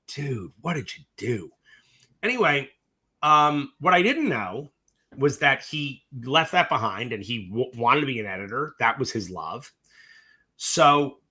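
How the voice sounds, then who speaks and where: A middle-aged man, a film director from the US East Coast, telling stories in a casual interview, animated and profane, acting out both sides of the conversations. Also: mid-range voice.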